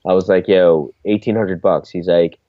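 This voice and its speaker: A man's voice: deep voice, fairly even intonation, normal speed, no echo, highs cut off. A man from Philadelphia, a podcast guest, talking in a laid-back, slangy way, full of "yo" and "dude". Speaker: guest, former drift driver. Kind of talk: casual chat.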